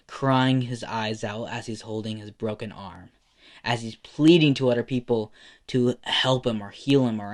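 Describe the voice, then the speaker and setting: A man narrating an improvised fan story, rambling and restarting his sentences often. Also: lowish voice.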